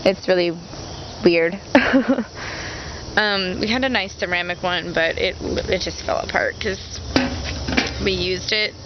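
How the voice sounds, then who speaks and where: A young woman and mother chatting casually in a home vlog. She fills her talk with fillers, jumps between topics and gets giggly and excitable. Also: lowish voice, slow, pauses often, heavy background noise. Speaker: vlogger and mother. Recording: slightly dull home-video sound.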